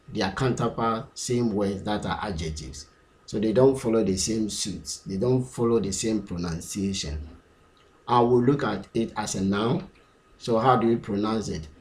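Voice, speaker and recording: Low-voiced man teaching pronunciation. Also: a little mellow. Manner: drills words slowly and repeats them many times. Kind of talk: slow, repetitive pronunciation lesson.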